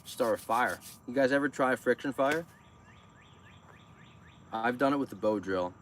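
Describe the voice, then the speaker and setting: A man's voice: medium pitch, unhurried, a bit bright. Joking man livestreaming by a road. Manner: joking, laughing, greets passing traffic. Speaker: farm livestreamer. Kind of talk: casual livestream chat. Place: outdoors by a road with traffic. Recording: outdoor street noise, passing cars.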